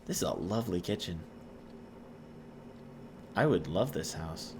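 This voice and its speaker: A man hosting a gaming channel, giving quiet, soft-spoken let's-play commentary and musing aloud as he explores. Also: low-pitched, animated, a little slow, gravelly, background noise.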